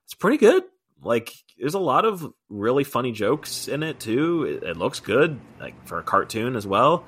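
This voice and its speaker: A young man co-hosting a podcast, chatting in an easygoing way with quick asides. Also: mid-range voice, very animated, a bit bright, breathy edge. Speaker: podcast co-host. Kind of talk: casual chat.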